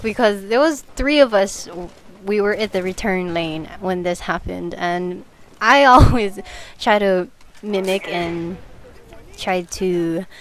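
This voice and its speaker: Giggly young woman telling work stories. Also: medium pitch. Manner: giggly, laughs through her stories. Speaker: gaming video commentator. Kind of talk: casual gameplay commentary storytelling.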